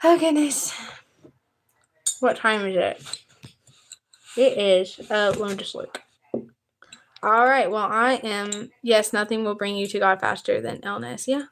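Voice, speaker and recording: A woman's voice: mid-range voice, measured pace, long pauses, a bit bright, a little hiss or hum. A young woman from the United States hosting a casual livestream, chatting eagerly and answering viewers' questions. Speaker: livestream host. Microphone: phone.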